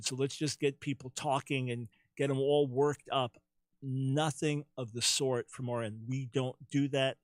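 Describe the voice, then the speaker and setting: A man's voice: mid-range voice, a bit bright, dry recording. A man hosting a call-in radio talk show who makes an earnest, preacherly appeal to his listeners and often repeats his words.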